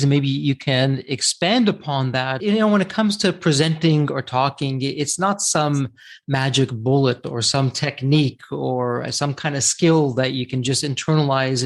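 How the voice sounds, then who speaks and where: A man hosting a podcast interview, asking questions as if he were a listener himself. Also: mid-range voice. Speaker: podcast host.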